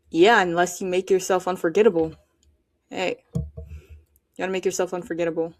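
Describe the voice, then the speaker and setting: A woman's voice: fairly low pitch, level tone, moderate pace, long pauses, dry recording, studio quality. A teenage girl hosting a solo podcast, chatting casually and giving her opinions while she thinks aloud with lots of fillers. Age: teens. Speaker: podcast host.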